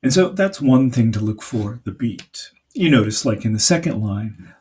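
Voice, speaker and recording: A man's voice: medium pitch, expressive, a little mellow, breathy edge. A man teaching a poetry lesson, explaining patiently with fillers and reading lines aloud. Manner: slow, patient explaining with fillers, sounds out rhythms.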